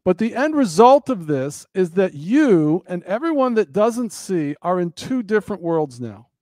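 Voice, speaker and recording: A man with a high voice delivers an earnest monologue in a preacherly cadence. He repeats his key phrases for emphasis. The sound is dry and close. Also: very animated, measured pace, a little mellow, dry recording. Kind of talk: impassioned monologue.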